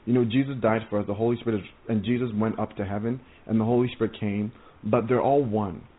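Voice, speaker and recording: A man giving an informal testimony sermon, earnest and excitable, rambling with many stammered restarts. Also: lowish voice, fast talker. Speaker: preacher sharing visions. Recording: tinny phone-like audio.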